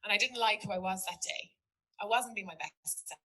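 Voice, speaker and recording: A teacher speaking to an audience, telling a story in an earnest, reflective way. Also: female voice, mid-range voice, fairly quick, bright, forceful tone, poor audio. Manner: earnest, reflective, quotes a student in dialogue. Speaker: teacher giving a talk.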